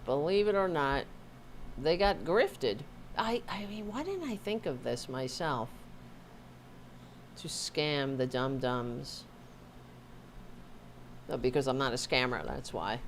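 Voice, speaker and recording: Host type: sarcastic woman, low-pitched, slow and animated, talking to her dog at home. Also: slight background noise. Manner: sarcastic, scolding, rambling asides. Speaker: host of a political livestream. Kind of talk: live-streamed political commentary.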